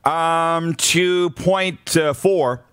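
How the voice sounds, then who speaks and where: A man's voice: on the high side, steady tone, drawn-out words, a bit bright, smooth, no echo. Blunt male sports talk host, dry sound. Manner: blunt, numbered-point rundown with frequent restarts.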